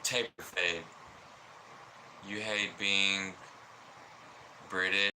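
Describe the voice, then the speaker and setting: Homem lento e tranquilo do Alabama, sotaque sulista. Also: male voice, deep voice, steady tone, sharp tone, slight background noise, low-quality recording. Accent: Southern US. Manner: slow, rambling, lots of fillers. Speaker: livestreamer. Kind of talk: casual rambling livestream chat.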